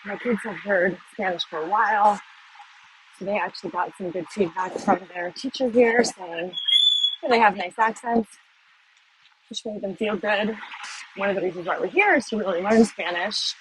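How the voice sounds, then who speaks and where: Walking through the city, a woman from the United States films a casual phone vlog, rambling on in a self-deprecating way. She talks at normal speed in a mid-range voice, with slight hiss or hum on the poor-quality audio.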